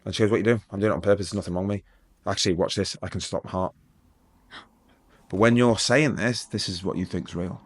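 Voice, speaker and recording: Fast-talking deep-voiced man telling his story. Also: fairly even intonation. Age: middle-aged. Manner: rambling, self-interrupting, joking. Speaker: guest. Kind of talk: storytelling interview.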